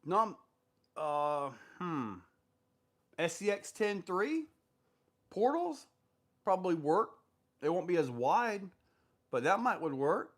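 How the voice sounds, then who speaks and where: High-voiced and sing-song, this livestream host speaks slowly and pauses often. He reads viewer comments out loud and answers them casually, rambling along with many fillers.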